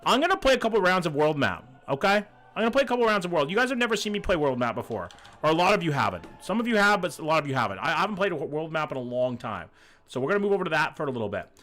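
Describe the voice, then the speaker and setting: Speaking very fast and with lots of energy, this man has a somewhat high, slightly bright voice. He's live-streaming a geography game, reading chat out loud and chatting casually, with plenty of swearing and a hint of being under the weather.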